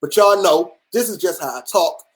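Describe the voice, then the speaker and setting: A man's voice: high-pitched, expressive, normal speed, poor audio. A man hosting a livestream, ranting in a passionate, profane and emphatic way. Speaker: livestream host. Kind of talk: livestream rant.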